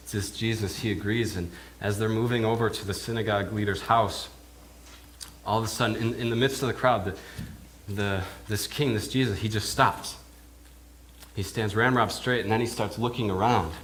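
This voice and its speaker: A man delivers a sermon as a first-person character monologue in a church, his voice sitting on the low side. He talks haltingly, often repeating words before pushing on, with a faint hiss under him. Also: fairly even intonation, a bit bright. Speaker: minister.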